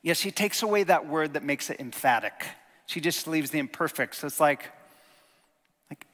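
A man's voice: on the high side, expressive, moderate pace, a bit bright. A man giving a sermon in a conversational teaching style, with enthusiastic asides. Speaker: pastor. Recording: reverberant hall.

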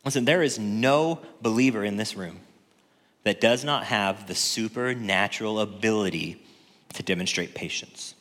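Low-voiced pastor preaching in a reverberant hall. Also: male voice, normal speed. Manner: conversational, joking, swings between loud and hushed. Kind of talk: sermon. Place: church sanctuary. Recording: long reverb in a church hall.

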